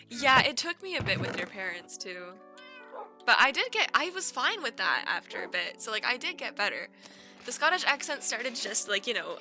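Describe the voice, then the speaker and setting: A woman's voice: medium pitch, pushed and bright. A young woman from Eastern Canada, chatting casually and laughing often as she streams a game. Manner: giggly, rambling storytelling with frequent laughs. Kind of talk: casual chat while gaming.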